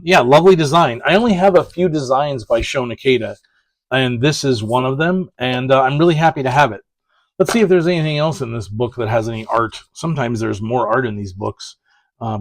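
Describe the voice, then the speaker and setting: A man's voice: medium pitch, no room sound. Rambling man chatting while unboxing. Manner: rambling, self-correcting, many fillers. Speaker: print collector vlogger. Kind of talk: casual package-opening chat.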